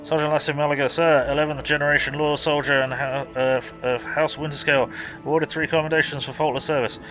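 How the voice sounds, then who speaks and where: A man's voice: fairly high pitch, level tone, quick pace, over music, voice pushed up, lightly acted, rough recording. A man voicing a brash, loyal male soldier sergeant who barks his orders and reports. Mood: proud. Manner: barking, militaristic.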